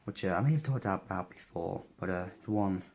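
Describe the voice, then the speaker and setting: A young man with a cold, sniffly and a bit hoarse, talking tiredly through a casual daily vlog with lots of fillers. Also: low-pitched, a little fast, a little mellow, a little hiss or hum. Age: young adult. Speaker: vlogger.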